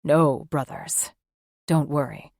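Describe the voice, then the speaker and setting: A woman voicing a protective male werewolf tracker in an audiobook, speaking low and calm. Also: takes it slowly, gravelly, no room sound, studio quality, exaggerated voice. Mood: steady, reassuring.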